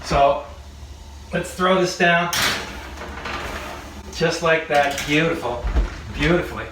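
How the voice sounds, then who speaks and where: A man with a slightly high voice runs a comedic cooking demonstration in his home kitchen. He chats and jokes, laughs at his own lines and repeats his points for emphasis. The kitchen sounds echoey, with clear noise behind him. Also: slow pace. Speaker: cooking show host.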